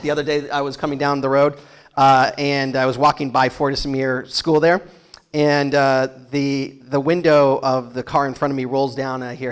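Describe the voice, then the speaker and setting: A male pastor preaching a sermon, retelling a Bible story with lively asides, chuckles and quick quoted voices. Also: mid-range voice, clean tone.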